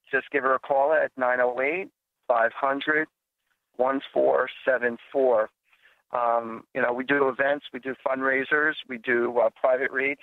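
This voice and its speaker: A man's voice: medium pitch, creaky, no echo. A man hosting a psychic call-in radio show, chatting casually and telling jokes in a rambling way. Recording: dry phone-like sound.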